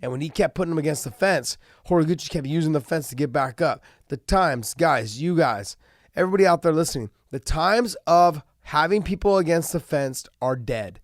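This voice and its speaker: A man talking through fight analysis in a loose, rambling way, full of restarts and fillers. He is jet lagged and a little tired, and his voice sits fairly high for a man. The sound is dry and close, with no room around it. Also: lively intonation, a little fast, dry recording. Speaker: host of fight analysis show. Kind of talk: casual commentary.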